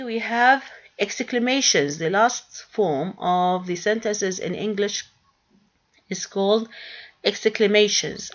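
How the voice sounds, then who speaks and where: A woman's voice: medium pitch, dull audio. A woman with an Arabic accent teaching English grammar in a recorded lecture. She asks questions and answers them herself, with frequent hesitations and restarts.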